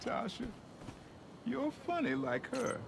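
A frail, gravelly old grandfather. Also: very high voice, huge pitch swings, takes it slowly, exaggerated voice. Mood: gentle. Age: older. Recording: game audio with loud music underneath.

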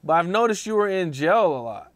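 A man's voice: high voice, big pitch swings, fairly quick. A man hosting an interview, asking short plain questions and reacting briefly.

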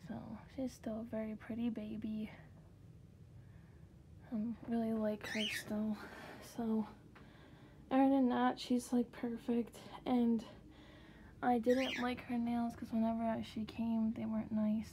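A woman's voice: on the high side, monotone, measured pace, dark tone, slight background noise. A woman casually showing her doll collection in her bedroom, chatty and rambling with frequent fillers. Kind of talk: casual room tour vlog.

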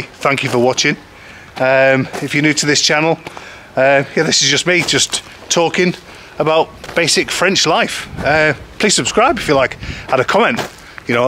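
Standing outside in a village with traffic going by, a man who vlogs as an expat chats to the camera, filling his loose, self-mocking ramble with plenty of ums. His tone is bright and forceful, with a voice a little on the high side.

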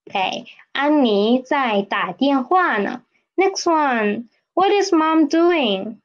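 Slow patient woman teaching a lesson. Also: high voice, animated, lo-fi sound. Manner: patient, repeats words and checks with "okay?" and "right?". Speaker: Chinese language teacher.

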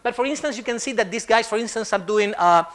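A man giving a humorous conference talk on stage, animated and fond of acting out quotes. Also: high-pitched, fast talker. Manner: animated, acts out quotes in funny voices. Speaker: conference speaker.

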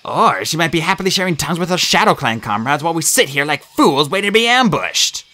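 A young apprentice cat voices his doubts in an anxious, lively way, spoken by a man a touch above his normal pitch. His tone is bright. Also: quick pace. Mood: sarcastic.

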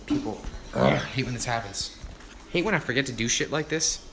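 A man's voice: mid-range voice, lively intonation, normal speed, creaky. A man hosting a casual livestream, joking and mocking himself with lots of swearing while he cooks. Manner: profane, joking, self-mocking.

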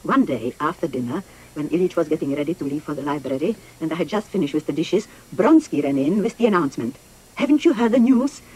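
A wistful exiled revolutionary wife. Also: female voice, low voice, animated, fast talker, dark tone, slightly rough, poor audio. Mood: recollecting. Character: middle-aged woman revolutionary recalling exile. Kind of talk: documentary reading of a memoir.

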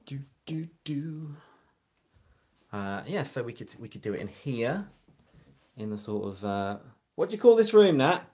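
A man's voice: medium pitch, big pitch swings, moderate pace, warm tone, slight background noise. Casual male stream host, phone-recorded, talkative and joking. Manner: chatty, joking asides to viewers. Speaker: hypnotist livestream host. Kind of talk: casual live-stream chat. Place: flat indoors. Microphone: phone camera.

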